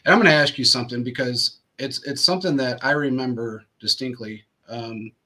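A man's voice: medium pitch, a little fast, bright, forceful tone. A male host telling rambling sports anecdotes in casual chat, full of fillers and restarts.

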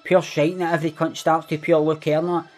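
A man's voice: fairly high pitch, level tone, quick pace, close to an everyday voice. Guy doing a cocky young glasgow ned, thick glaswegian accent, swearing nonstop, bit of music behind. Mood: boastful. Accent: Glaswegian Scottish. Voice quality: heavy swearing, boastful storytelling. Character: swaggering foul-mouthed young male Glasgow ned. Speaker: comedy monologue character. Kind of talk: scripted comedic monologue.

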